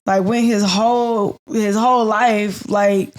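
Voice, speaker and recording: A woman's voice: medium pitch, steady tone, slow pace. A woman, co-hosting a podcast and telling stories in casual chat full of "like". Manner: storytelling, filler-heavy "like". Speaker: podcast co-host.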